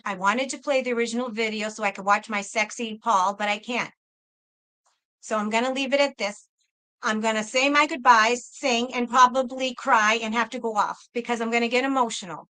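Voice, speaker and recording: A woman's voice: on the high side, sharp tone. A woman hosting a casual livestream, talking bluntly and emphatically, swearing freely and calling her viewers folks. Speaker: livestream host.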